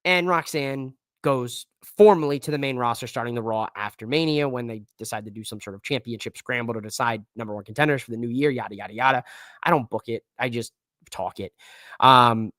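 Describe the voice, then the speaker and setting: A man's voice: a little high, fairly bright tone, no room sound, clean studio sound. A man hosting a casual live-stream wrestling show, talking loosely with slang and lots of fillers. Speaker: wrestling podcast host.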